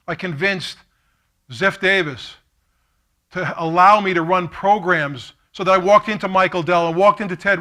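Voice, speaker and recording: A middle-aged man, giving an impassioned keynote speech as a story, acting out the voices of others and moving from hushed to fervent. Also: a little high. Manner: animated, quotes himself and others, swings from hushed to fervent. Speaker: keynote speaker. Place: lecture hall at a college.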